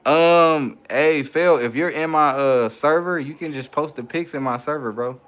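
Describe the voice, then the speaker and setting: A man's voice: on the high side, normal speed, a bit bright, smooth. Laid-back man in slangy livestream banter. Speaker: livestream host. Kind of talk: casual livestream chat reading viewer comments.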